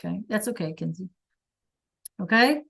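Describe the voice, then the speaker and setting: A woman's voice: mid-range voice, animated, normal speed, vocal fry, fairly bright tone, breathy edge. A woman teaching a Spanish class over a video call, praising students by name and encouraging them.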